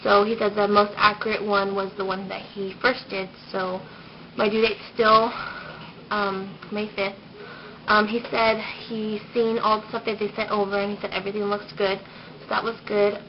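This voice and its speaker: A woman's voice: mid-range voice, flat delivery, normal speed. A young woman giving a casual pregnancy update vlog, shy and rambling with lots of ums, getting over a cold. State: recovering from a cold. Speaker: vlogger. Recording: dull lo-fi home video with noise.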